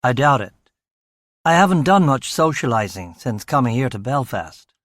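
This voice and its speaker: A man's voice: medium pitch, very animated, moderate pace, dry recording, natural voice. Man playing a breezy evasive American in his forties, Middle American accent with Southern lilt, dry close sound. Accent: Middle American with slight Southern lilt, as performed.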